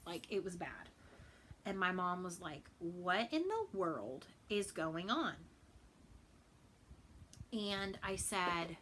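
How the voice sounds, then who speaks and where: A woman's voice: on the low side, very animated, takes it slowly, long pauses, a bit bright, slight background noise, low-quality recording. A woman from Texas in a casual home vlog, chatting and rambling with many fillers and repeated words. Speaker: cross stitch vlogger. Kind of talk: casual chat.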